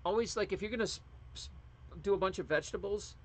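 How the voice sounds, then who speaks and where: A middle-aged man with a fairly high voice talks casually to his livestream viewers. He rambles from one thought to the next with frequent ums and false starts. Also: fast talker. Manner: rambling, chatty, with many fillers and restarts. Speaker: livestream host.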